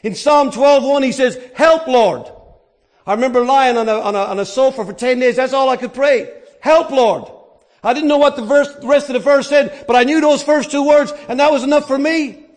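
A man's voice: very high-pitched, steady tone, fast talker, hardly any pauses. A middle-aged man preaching a sermon with earnest emphasis, stretching key words as he makes his point. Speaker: pastor.

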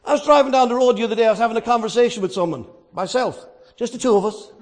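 A man preaching a sermon, dynamic, swinging from quiet asides to shouted points and answering his own questions. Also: very high-pitched, racing, a little hiss or hum.

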